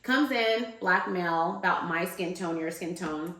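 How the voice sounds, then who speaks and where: Chatty low-voiced woman, echoey room. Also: measured pace, fairly bright tone. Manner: loose and chatty, full of "like" and "um". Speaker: guest. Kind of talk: casual storytelling.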